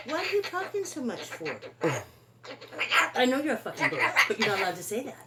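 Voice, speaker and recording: A woman's voice: medium pitch, very animated, a little fast, heavy background noise. Woman teasingly scolding her pet bird. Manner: teasing, mock-stern, laughing scolding.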